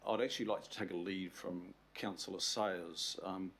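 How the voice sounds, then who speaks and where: A male councillor with a New Zealand accent speaks up in a council debate. His voice is very deep and husky, and he talks in an earnest way, laying out the options clearly. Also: fairly even intonation, moderate pace, a bit bright.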